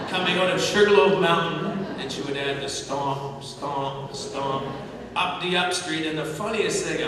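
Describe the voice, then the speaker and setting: A middle-aged man giving a memorial tribute, telling family anecdotes with gentle humor. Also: fairly high pitch. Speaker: eulogist. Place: large hall at a memorial service. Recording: echoey hall from far off, noisy.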